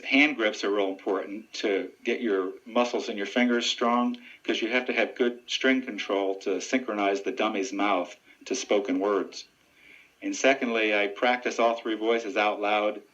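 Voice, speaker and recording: A man who works as a deputy sheriff and ventriloquist, answering radio interview questions in an earnest, steady and informative way. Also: lowish voice, moderate pace. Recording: dull lo-fi radio audio.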